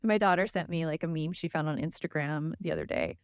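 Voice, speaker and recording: A woman's voice: low voice, animated, a little fast, no room sound, clean studio sound. A woman hosting a parenting podcast, chatting casually and acting out quoted lines, laughing easily. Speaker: podcast host. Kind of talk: casual interview chat.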